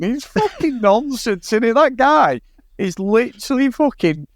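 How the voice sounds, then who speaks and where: A man co-hosting a casual film review chat, telling sweary, animated anecdotes. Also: very high-pitched, unhurried, no room sound, studio quality. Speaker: podcast co-host.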